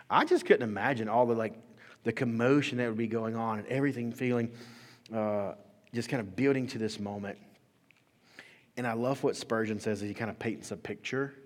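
A male pastor preaches in an animated, conversational way and often acts out the voices he quotes. His mid-range voice carries a long reverb through a large hall. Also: medium pitch. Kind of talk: sermon.

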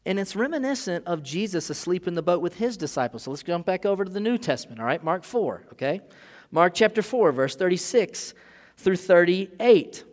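A man delivers a sermon, his voice a touch higher than most men's. He slips into loose, casual asides, then climbs to loud, emphatic peaks when he reads scripture. A long reverb hangs on every word, as in a large sanctuary. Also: lively intonation, moderate pace. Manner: casual asides with filler and restarts. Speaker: pastor.

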